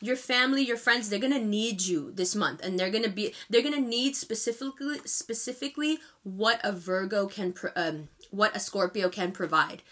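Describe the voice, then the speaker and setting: A New York woman rattles off a casual astrology forecast at speed, chatty and emphatic. Her voice is bright and sharp. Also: medium pitch, moderate pace, hardly any pauses.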